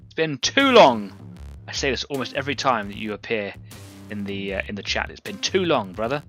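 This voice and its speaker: A man's voice: on the low side, fast, pushed and bright, faint music behind. A man hosting a live painting stream, talking casually and rambling as he works and greets viewers from the chat.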